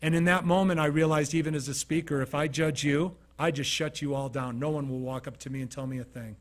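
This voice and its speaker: Storytelling middle-aged man, higher voice. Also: fairly even intonation, a little fast. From Utah. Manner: storytelling, acting out quoted dialogue. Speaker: keynote speaker. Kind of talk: motivational talk. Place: studio.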